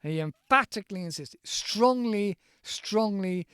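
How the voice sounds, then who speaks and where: A man's voice: sits high, lively intonation, measured pace, fairly bright tone, clean tone, no echo, studio quality. A man hosting a casual vocabulary lesson, rambling and spelling out words letter by letter. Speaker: podcast host teaching English vocabulary. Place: countryside home.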